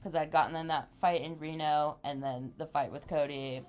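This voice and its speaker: Her voice sits low and her pace is moderate. This podcast co-host, a woman in her twenties, relays a wild story casually, full of laughs and animated impressions of what others said.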